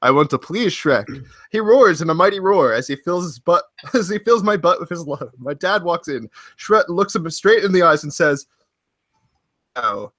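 A man hosting a casual podcast, giggly and animated, on a close mic. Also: sits high, normal speed. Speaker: podcast host.

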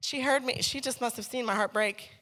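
A woman sharing a personal faith testimony with a live audience in a room, telling her story with lively energy and acting out the dialogue. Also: a little high, a little fast. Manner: animated storyteller who acts out quoted dialogue.

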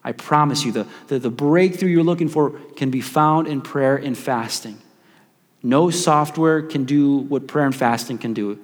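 Animated male pastor in a reverberant hall. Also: mid-range voice, moderate pace. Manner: animated storytelling with playful asides and repeated restarts. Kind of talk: sermon.

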